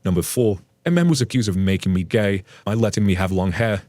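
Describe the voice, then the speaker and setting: A man's voice: lowish voice, lively intonation, brisk, a little mellow, dry recording. A man hosting a channel where he reads online stories aloud and adds blunt, casual commentary with the odd swear word. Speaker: narrator and host.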